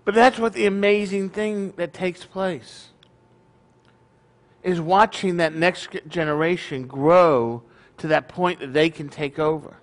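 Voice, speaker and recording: Middle-aged guy preaching to his congregation, high voice, chatty and jokey, teases himself a lot. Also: measured pace. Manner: folksy, joking, self-deprecating. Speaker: congregation leader. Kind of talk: sermon.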